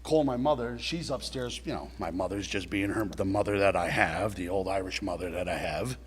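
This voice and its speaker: A man's voice: low voice, fairly quick, a little hiss or hum. A middle-aged man telling a blunt personal story at a recovery meeting, swearing and talking straight to his listeners.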